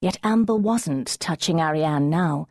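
Woman narrator, audiobook, measured and expressive, low voice, dry close sound. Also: no room sound. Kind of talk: scripted narration.

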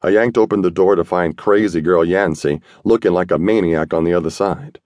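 Man, very low voice, gruff, slangy first-person audiobook read, dry studio sound. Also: brisk, a little mellow, dry recording. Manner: streetwise, slangy, gruff delivery. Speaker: audiobook narrator. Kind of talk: first-person scripted narration.

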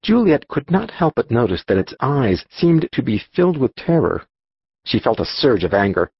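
A man narrating a children's audiobook in an expressive storytelling manner. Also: mid-range voice, normal speed, slightly rough, no room sound, lo-fi sound. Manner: expressive storytelling, voicing dialogue.

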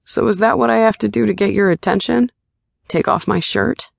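A woman's voice: medium pitch, expressive, moderate pace, vocal fry, a little mellow, slightly rough, dry recording, clean studio sound. A woman reading the part of a young man, a worried and teasing sparring partner, in an audiobook. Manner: caring, teasing.

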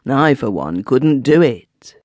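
A man's voice: mid-range voice, sing-song, slow, darkish tone, no echo. A man voicing Migsworth, a pompous widower in an audiobook, speaking firmly and lecturing. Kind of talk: audiobook character voice.

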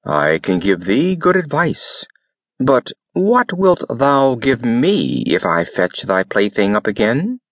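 A man voicing a slow, solemn talking frog. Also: medium pitch, sing-song, no room sound, studio quality. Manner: slow, deliberate, archaic speech. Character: frog, male, slow and solemn, old-fashioned speech.

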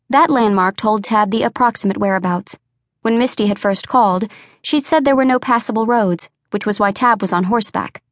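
A woman narrating an unabridged audiobook in a measured, even storytelling voice. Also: mid-range voice, no echo, studio quality.

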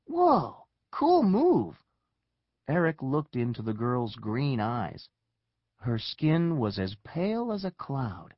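A man narrating a children's story with expressive storytelling. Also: mid-range voice, takes it slowly, no echo, muffled recording. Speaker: audiobook narrator.

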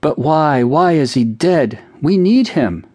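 A man voicing a wildly emotional six-year-old girl who wails through tears in a high, crying voice. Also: lively intonation, takes it slowly, darkish tone, no room sound. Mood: sobbing distress.

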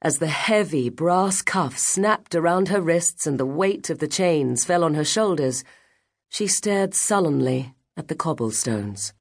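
A woman narrating a children's audiobook in an expressive, measured way. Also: low-pitched. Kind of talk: scripted children's book narration.

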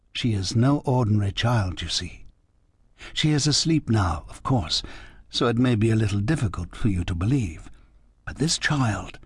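A male narrator voicing a mysterious, wistful French woman, speaking slowly and in hushed tones. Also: fairly low pitch, husky, no room sound, studio quality, full character voice. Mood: teasing. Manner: slow, hushed, musing speech. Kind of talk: audiobook character reading.

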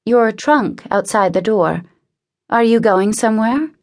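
A woman narrator puts on an earnest young woman in an audiobook, impulsive and lovestruck. She stammers and pleads in a lifted, bright tone. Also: fairly high pitch, a little slow, voice pushed up. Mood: pleading.

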